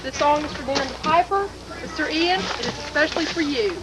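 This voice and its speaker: A woman's voice: high-pitched, fairly quick, background noise. A woman performing a bard's song at a gathering, introducing it, then singing an unaccompanied comic folk ballad in a playful way. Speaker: bard performer.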